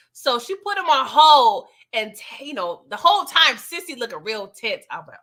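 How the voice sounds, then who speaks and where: A woman hosting a casual TV recap, animated and laughing as she acts out the scenes. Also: sits high, moderate pace, few pauses. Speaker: TV recap host. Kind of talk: casual chat.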